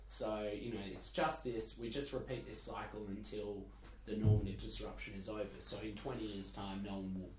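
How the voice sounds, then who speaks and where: A man's voice: lowish voice, flat delivery, moderate pace. A young Australian man, a podcast guest, explaining things thoughtfully with a wry edge. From Perth, Australia. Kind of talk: casual podcast chat. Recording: echoey room, light hiss.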